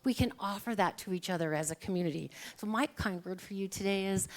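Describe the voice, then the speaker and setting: A woman's voice: mid-range voice, fast, hardly any pauses. A middle-aged woman minister giving a live sermon in a church, telling stories in a chatty way and acting out the quotes, often laughing. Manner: conversational, storytelling with acted quotes and laughter. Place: church sanctuary.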